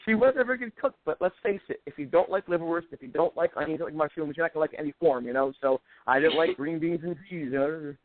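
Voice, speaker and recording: Fast-talking man on a tinny phone line. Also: a little high. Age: 40s. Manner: animated storyteller, acts out quoted voices. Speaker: guest. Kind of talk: casual chat.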